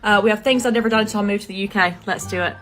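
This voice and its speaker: A woman's voice: medium pitch, fairly even intonation, rapid-fire, a bit bright, faint music behind. A woman vlogging casually, brash and joking with emphatic asides. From southern United States. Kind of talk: casual comic vlog.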